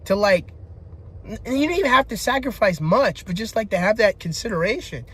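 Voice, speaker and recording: Young adult man, personal rant vlogger, profane, exasperated, breaks into loud outbursts. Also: expressive, fairly quick, breathy edge. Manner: frustrated venting with heavy profanity, restarts, pitch rising into shouting.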